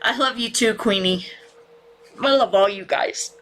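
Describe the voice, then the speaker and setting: A woman's voice: mid-range voice, unhurried, fairly bright tone. Swearing, frustrated woman on a livestream. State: near tears. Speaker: livestream host. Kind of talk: casual livestream chat. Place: home room with ceiling fan.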